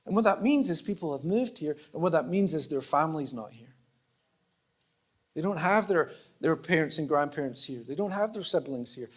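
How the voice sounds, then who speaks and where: A Scottish-accented pastor, his voice a little high and animated, gives a conversational sermon at normal speed in a church auditorium. Along the way he acts out small exchanges and makes fun of himself.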